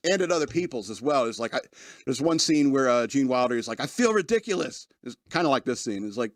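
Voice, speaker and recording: A man's voice: medium pitch, fast, dry recording, studio quality. A man hosting a podcast, casually reviewing a movie, rambling with lots of fillers and often laughing as he retells scenes.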